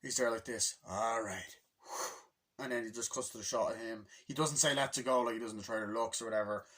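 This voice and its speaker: A young man excitedly recapping a movie in a rambling, casual way, swearing often and bursting into acted-out lines from the scenes. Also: medium pitch, quick pace, slightly rough. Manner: rambling, swears a lot, acts out scenes with shouted voices. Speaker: movie reviewer.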